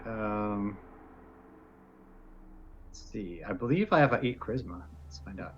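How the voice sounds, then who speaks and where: A man taking part as a player in a tabletop game, talking in a relaxed, offhand way. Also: lowish voice, a little slow, lo-fi sound, soft background music.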